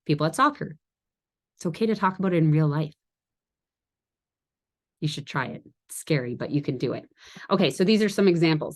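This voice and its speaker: A woman giving a casual training talk to her sales team, chatty and quick to laugh at her own jokes and wander into asides. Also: low-pitched, animated.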